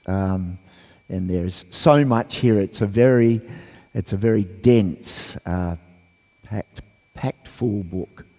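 A man with a croaky voice giving a sermon as a guest preacher, hesitant with fillers, then reading scripture and praying with fervour. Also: lowish voice, takes it slowly. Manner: hesitant, many fillers, then rises into loud fervent reading. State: croaky voice from a cold. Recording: long church reverb.

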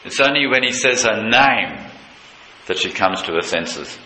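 A male preacher giving a sermon, retelling a scene with passion, dropping low and quiet and then leaping high with excitement. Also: measured pace. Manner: impassioned, leaps from low intimacy to high excited pitch. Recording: echoey room with faint noise.

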